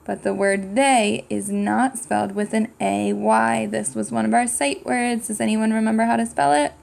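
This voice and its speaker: Slow, patient woman teaching young children. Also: on the high side, creaky, a little mellow. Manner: patient, thinking aloud and sounding out words. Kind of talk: slow, clear classroom lesson for young children.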